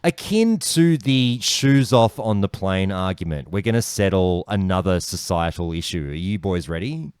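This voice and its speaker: An Australian man hosting a podcast, telling stories in animated casual chat with plenty of swearing. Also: low-pitched, normal speed, few pauses, clean tone, no room sound, clean studio sound. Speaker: podcast host.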